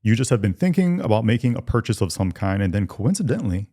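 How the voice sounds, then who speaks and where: Deep mellow guy on a podcast, emphatic, keeps asking questions back. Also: big pitch swings, quick pace. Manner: emphatic, rhetorical questions, repeats words. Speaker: podcast co-host. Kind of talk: casual conversational podcast.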